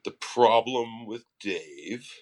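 A man, a musician guest on a podcast, telling stories in a casual, animated way and swearing freely. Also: fairly low pitch, drawn-out words. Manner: profane, animated storyteller. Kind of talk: casual interview storytelling.

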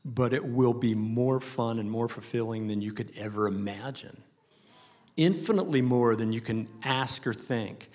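A man's voice: medium pitch, normal speed, darkish tone. A man preaching a sermon as pastor, earnest and emphatic, leaning on repetition.

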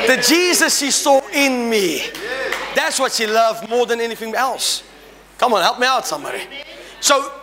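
A middle-aged man preaching a sermon to a congregation, animated and humorous, rising to shouts and drawing call-and-response. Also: extremely high pitch. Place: church hall. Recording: church hall reverb.

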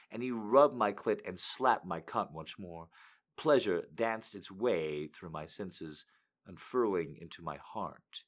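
On a live stream, a man gives a dramatic reading of romance excerpts in a very deep, slightly bright voice at an unhurried pace. He draws out the words with deliberate, sensual phrasing, sometimes dropping to a near-whisper.

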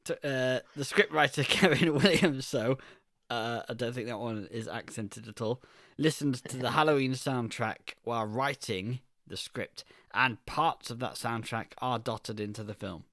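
A man co-hosting a film podcast, with a bright, forceful voice and a teasing manner. He chats casually and breaks into laughs often. His voice is recorded close and dry. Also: mid-range voice, moderate pace, hardly any pauses, no room sound. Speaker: podcast co-host. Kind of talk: casual film review chat.

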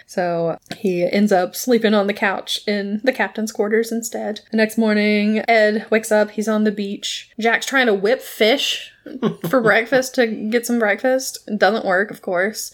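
A woman casually recapping a TV episode, laughing often and acting out the characters' lines in quick bursts. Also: mid-range voice.

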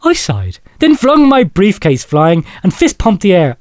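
A male radio host reads a listener letter in a theatrical, laughing way. His voice swings up and down a lot and sits a bit high, recorded dry and close in the studio. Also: wildly swooping pitch, unhurried, dry recording. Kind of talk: comic radio letter reading.

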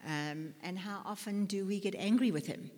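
A woman's voice: mid-range voice, normal speed, a little mellow. A woman giving a conversational sermon, chatty and self-mocking, with many fillers and restarts. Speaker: lay preacher. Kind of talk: conversational sermon with personal stories. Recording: long hall reverb.

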